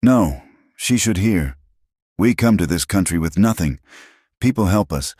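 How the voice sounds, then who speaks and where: A deep-voiced man puts on a stern old farm wife with a Norwegian accent, clipped and blunt in her broken English. The low voice is lifted for her, heard close and dry, as in a storybook reading. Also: animated, unhurried, dark tone, husky, no room sound, heavily acted.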